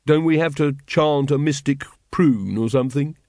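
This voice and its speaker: A man's voice: a little high, normal speed, a little mellow, no echo, studio quality, close to an everyday voice. A man voicing a stubborn male cult member who speaks bluntly. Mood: defiant.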